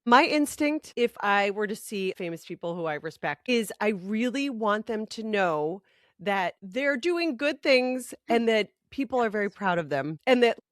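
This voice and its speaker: A woman co-hosting a casual chat podcast, earnest and encouraging, quick to laugh. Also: medium pitch, lively intonation, dry recording, studio quality. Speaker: podcast co-host.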